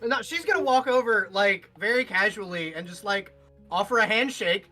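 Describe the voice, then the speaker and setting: A woman playing her character in a tabletop game, animated and quick to swear. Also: mid-range voice, soft background music, poor audio. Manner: animated, swears freely, bursts into in-character outbursts. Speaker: player. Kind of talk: tabletop role-play.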